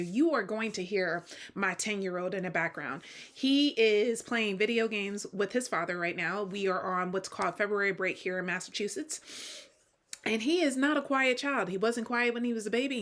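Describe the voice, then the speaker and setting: A woman's voice: mid-range voice, normal speed, a bit bright. Tired woman host with a slight Southern twang; chatty knitting vlogger who laughs a lot, mid-range voice. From Georgia, US. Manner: chatty, laughs often, self-deprecating. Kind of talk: casual knitting vlog chat.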